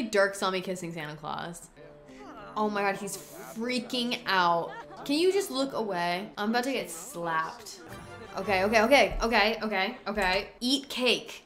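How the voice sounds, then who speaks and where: A woman hosting a let's-play video, with excitable, dramatic commentary full of gasps and exclamations. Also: mid-range voice. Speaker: gaming host.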